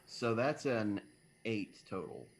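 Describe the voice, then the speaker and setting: A man's voice: fairly low pitch, expressive, slow pace. A man playing a tabletop game, talking casually and joking. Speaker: player.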